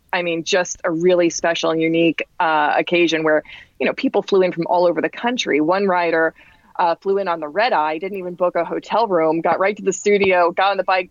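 A woman in her forties from New Jersey, a podcast guest telling a lively personal story and acting out quoted people with a raised pitch. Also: no room sound. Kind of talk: casual storytelling anecdote. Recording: dull, dry lo-fi podcast audio.

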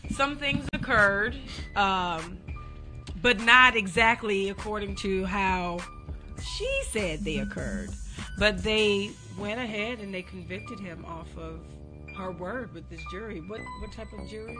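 A woman's voice: medium pitch, wildly swooping pitch. Woman cohost talking through a story, lots of um, music in the background. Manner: measured storytelling with filler ums. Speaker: podcast co-host. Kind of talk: casual chat.

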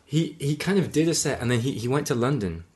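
A man's voice: medium pitch, expressive, fast talker, a little mellow. A young man in casual podcast chat, telling rambling stories. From Scotland. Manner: rambling anecdotal storytelling.

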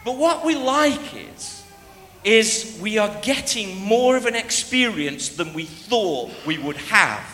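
A man preaching a sermon, telling a story in a lively way and sometimes breaking into shouts as he acts it out. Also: high-pitched, takes it slowly, a little hiss or hum. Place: church hall. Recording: echoey hall, faint ambience.

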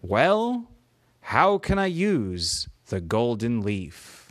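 A man's voice: medium pitch, wildly swooping pitch, drawn-out words, fairly bright tone, no room sound, clean studio sound, exaggerated voice. A man voicing an earnest, trusting king in a made-up children's story, asking questions in a plain mid-range voice. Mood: questioning.

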